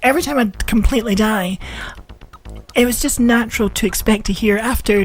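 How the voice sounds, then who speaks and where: A man's voice: high-pitched, brisk. A man hosting a radio show, chatting casually and swearing about old video games. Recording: music playing faintly behind.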